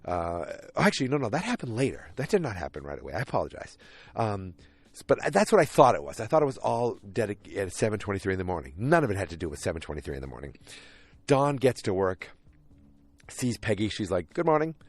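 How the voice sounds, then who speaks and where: This man's voice is on the low side, very animated and fast as he hosts a podcast episode recap. It's casual and rambling, packed with fillers and restarts, and he acts out each character's lines in quoted voices. The recording has no echo.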